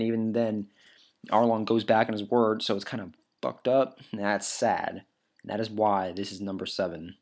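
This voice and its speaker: A man talking through a countdown list in casual vlog style, rambling with lots of fillers and casual swearing. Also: fairly low pitch. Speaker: anime vlogger ranking moments.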